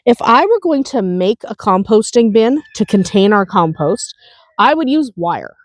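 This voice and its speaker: A woman's voice: mid-range voice, sing-song, measured pace, dry recording. A woman with a cold hosting a homestead video outdoors, chatty and prone to restarts, explaining how to compost. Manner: chatty, laughs, restarts often. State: has a cold, chewing a lozenge. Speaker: homestead channel host. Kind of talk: casual outdoor how-to talk.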